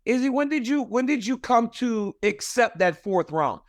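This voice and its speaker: A man in his forties talks through an interview with a high voice, friendly and emphatic. The sound is dry and close, with no room around it. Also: expressive, moderate pace, no echo. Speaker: interviewer and fight analyst. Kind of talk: casual interview.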